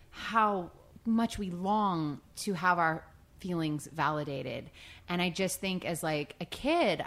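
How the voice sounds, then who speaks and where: A woman in her thirties, co-hosting a casual talk, telling animated stories and acting out what people said. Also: fairly low pitch. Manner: animated storytelling, acts out quotes. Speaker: podcast co-host. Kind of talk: casual conversation.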